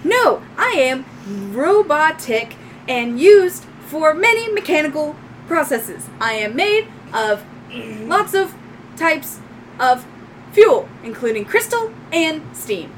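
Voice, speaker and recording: A woman's voice: high-pitched, big pitch swings, slow pace, slight background noise, pitched above the performer's own voice, full character voice. A woman voicing a small, prim steam-powered droid in a tabletop game, with precise, formal robotic phrasing.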